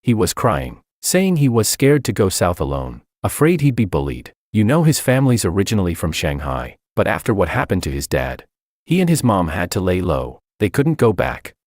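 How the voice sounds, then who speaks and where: A man's voice: low-pitched, wildly swooping pitch, moderate pace, a little mellow, no echo, clean studio sound, full character voice. A man voicing a flustered young woman who rambles nervous excuses. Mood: frantic.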